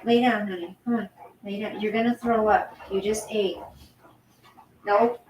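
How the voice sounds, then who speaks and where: A woman's voice: mid-range voice, steady tone, measured pace, darkish tone, slight background noise. A woman hosting a casual livestream from home at night, chatty and apologetic, cooing at her pet in between. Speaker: livestream host.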